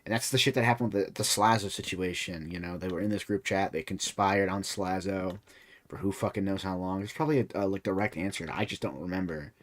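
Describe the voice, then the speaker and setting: A man's voice: deep voice, steady tone, fast talker, fairly bright tone. A young man streaming, reacting to a video with rambling, profane casual commentary full of restarts.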